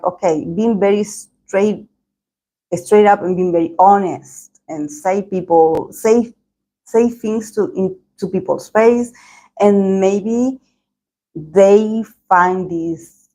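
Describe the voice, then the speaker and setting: A woman giving a tarot reading in a video, talking in a meandering, hedging way with many pauses. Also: medium pitch, dark tone, low-quality recording. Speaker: tarot reader.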